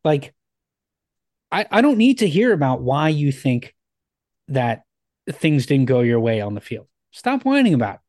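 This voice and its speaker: A man co-hosting a sports podcast talks casually and halts now and then to restart a thought. His pitch moves a lot. The sound is dry and close. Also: big pitch swings, a little mellow, no room sound. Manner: agreeable, halting with restarts. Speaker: podcast co-host.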